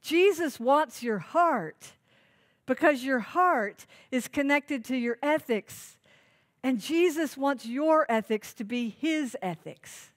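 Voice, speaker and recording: High-voiced woman preaching a sermon. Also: animated, slow. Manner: earnest, emphatic preaching with rhetorical questions. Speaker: pastor.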